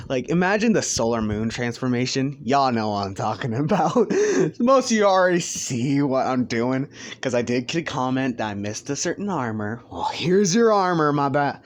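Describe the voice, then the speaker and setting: A young man casually narrating a fan-fiction story in a crude, joking, rambling way. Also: mid-range voice.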